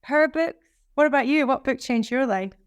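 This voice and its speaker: A woman with a Scottish accent, a guest author in a casual interview chat, enthusiastic and expressive. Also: high-pitched, clean tone, dry recording. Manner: enthusiastic, expressive, quick bursts of praise.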